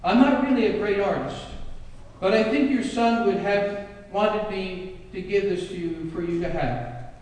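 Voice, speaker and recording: A preacher doing a humble young soldier, modest and earnest, with a high voice. It carries from a distance through an echoey hall. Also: male voice, a little slow, darkish tone.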